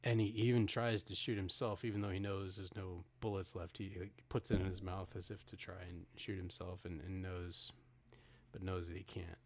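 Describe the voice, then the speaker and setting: A man's voice: deep voice, little pitch movement, normal speed. A man co-hosting a podcast, retelling a movie's ending in casual talk with many restarts and acted-out quotes. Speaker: podcast co-host. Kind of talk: casual film discussion.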